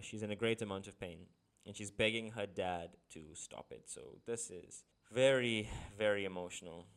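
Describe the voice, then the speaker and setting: A man teaches a poem analysis lesson. His voice sits a little low, and he explains each line step by step, dropping in deadpan asides.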